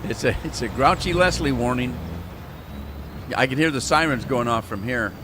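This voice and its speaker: Chatty streamer man, lively pitch. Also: moderate pace, background noise. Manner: chatty, talks to chat viewers while playing. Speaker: gaming streamer. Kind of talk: casual live-stream commentary.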